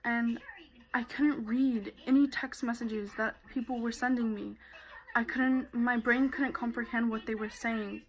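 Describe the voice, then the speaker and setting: Young woman, fairly high voice, casual vlog storytelling, lots of filler words. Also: fairly even intonation, measured pace, low-quality recording. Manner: casual, many fillers like "like" and "you know". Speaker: vlogger. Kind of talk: personal storytelling to camera.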